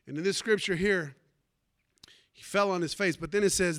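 A man preaching a fervent sermon, calling out for amens and swinging between loud and hushed delivery. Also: high voice, moderate pace, pauses often. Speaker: pastor.

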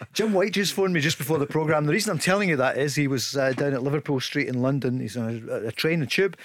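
A man hosting a radio football show, casual and jokey with brisk links. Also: fairly high pitch, no echo, clean studio sound. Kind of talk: casual radio sports chat. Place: radio studio.

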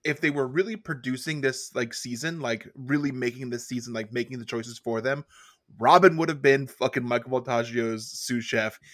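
A podcast co-host in casual chat, animated and joking, swearing freely. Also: medium pitch, moderate pace.

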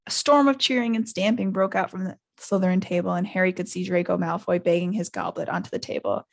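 A woman's voice: fairly low pitch, fast, gravelly, few pauses. A woman hosting a podcast, reading a book aloud live with character voices and chatty asides. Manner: reads with animated character voices, laughs often.

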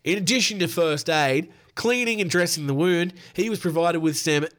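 A man's voice: a little high, normal speed, fairly bright tone. A young Australian man hosting a podcast, reading news stories with sweary, laughing asides and sounding tired. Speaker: podcast host.

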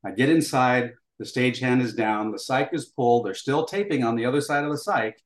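With a medium-pitched voice and a brisk pace, an older man tells a story as an interview guest. He performs bits of dialogue as he goes and leans on fillers often, and the room gives his voice a spacious echo.

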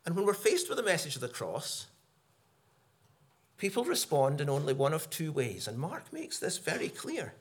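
A man's voice: wildly swooping pitch, moderate pace, husky. Earnest male preacher. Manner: earnest, rises for emphasis and drops low for solemn points. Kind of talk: sermon.

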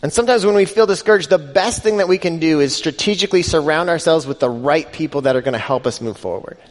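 A male pastor with a higher-pitched voice talks quickly, delivering a conversational sermon. His emphasis keeps rising, and he acts out scripture quotes in different voices. A long hall reverb hangs on the recording.

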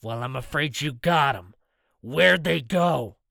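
A man's voice: a little high, takes it slowly, gravelly, sharp tone, no room sound, clean studio sound, heavily acted. A man voicing Rooster, a sarcastic, threatening male criminal in an audiobook. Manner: taunting, threatening. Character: menacing adult male thug, sarcastic and threatening.

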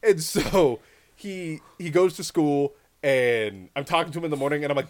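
A man in his thirties telling stories in casual chat, animated and profane, acting out the other people in his stories. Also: fairly high pitch, normal speed. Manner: animated, swears freely, acts out voices in his anecdotes. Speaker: podcast co-host, father.

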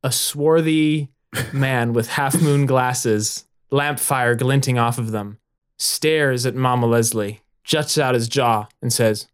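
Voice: medium pitch, slow, clean tone. A game master narrating a tabletop role-play scene in a descriptive, casual way.

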